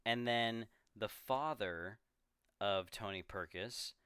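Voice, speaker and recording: A man co-hosting a podcast, recapping a movie in casual chat with animated storytelling. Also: fairly low pitch, slow pace, clean tone, no room sound, studio quality. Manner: animated storytelling, jumps into quoting characters. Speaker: podcast co-host.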